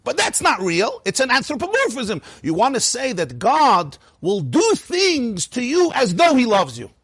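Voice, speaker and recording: A man teaching a lively Torah class, asking rhetorical questions and chuckling at his own points. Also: very high-pitched, moderate pace, husky, no room sound.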